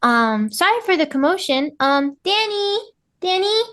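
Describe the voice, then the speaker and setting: A woman playing a tabletop game, bubbly and quick to laugh. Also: very high voice, big pitch swings, a bit bright. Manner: giggly, bubbly. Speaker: player.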